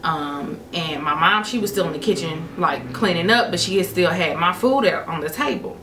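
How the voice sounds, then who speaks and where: A woman's voice: lowish voice, moderate pace, background noise. A woman in her thirties, a vlogger telling a personal story in a candid, emotional way.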